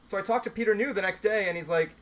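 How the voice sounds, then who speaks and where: A man co-hosting a casual group podcast tells a rambling anecdote full of restarts. His voice is high-pitched and rapid-fire.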